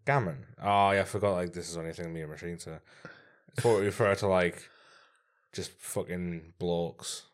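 A man's voice: low voice, fairly even intonation, normal speed. A man with a Geordie accent co-hosting a podcast, chatting casually in a blunt, sweary, teasing way. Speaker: podcast co-host. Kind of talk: casual chat.

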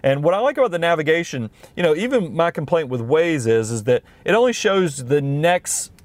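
A middle-aged Southern US man co-hosts a podcast from inside a car, enthusiastically explaining features in a casual car review. His voice is a little high, expressive, and brisk.

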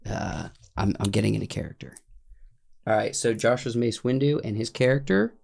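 A man's voice: mid-range voice, moderate pace, vocal fry, darkish tone. A man co-hosting a casual podcast in a studio, joking and laughing often. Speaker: podcast co-host. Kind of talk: casual chat.

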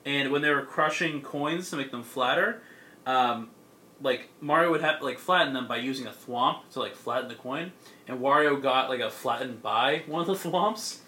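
A man's voice: mid-range voice, moderate pace, bright, forceful tone. A young man in a casual chat, rambling through a comic's plot with lots of fillers and laughs. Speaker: podcast co-host.

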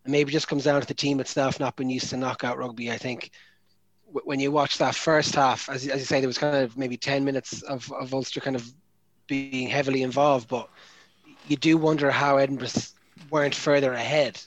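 A man's voice: medium pitch, steady tone, fairly quick, no echo, low-quality recording. A man talking rugby in a hesitant way, with many ums and restarts. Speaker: podcast co-host. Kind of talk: casual sports chat.

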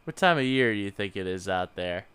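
A man's voice: fairly low pitch, animated, brisk, fairly bright tone, clean tone. A man co-hosting a casual movie podcast, laid back, laughing and tossing in playful quips. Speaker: podcast co-host.

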